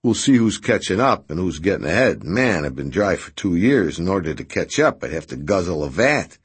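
A man voicing a brash, rough-talking man who speaks bluntly and loudly. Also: deep voice, big pitch swings, moderate pace, exaggerated voice. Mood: boisterous. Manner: loud, brusque, boisterous.

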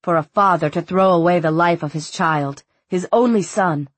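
Stern woman official in a storybook, clipped and formal, slightly husky, voiced by the woman reader. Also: on the low side, normal speed, dry recording, lightly acted. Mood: grave.

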